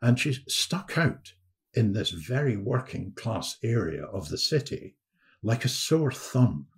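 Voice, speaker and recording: A man, a historian guest on a podcast, telling a story in a lively anecdotal way with frequent restarts. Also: on the low side, slow pace.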